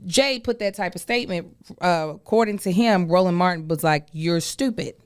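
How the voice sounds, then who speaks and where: Woman, lowish voice, podcast co-host, chatty explainer. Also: brisk, clear, resonant tone. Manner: explains at length, with fillers and restarts. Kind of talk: casual chat.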